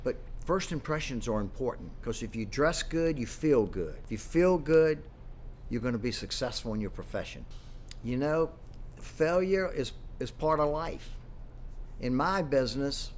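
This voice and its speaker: A man's voice: medium pitch, measured pace, a little hiss or hum. A man, an entrepreneur, telling his personal story to the camera and acting out the voices of people in it. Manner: animated storyteller acting out quoted dialogue.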